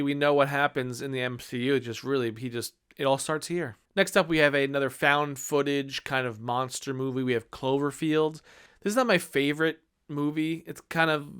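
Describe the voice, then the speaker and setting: A man's voice: mid-range voice, a bit bright, smooth. A man in his thirties giving a casual movie review, enthusiastic and rambling with many fillers.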